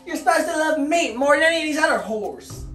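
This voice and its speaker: A man voicing a brash, foul-mouthed middle-aged wife in a parody sketch, shouting and cursing. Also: very high-pitched, expressive, fast talker. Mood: furious. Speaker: comedian. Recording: roomy echo, mic far off, loud music.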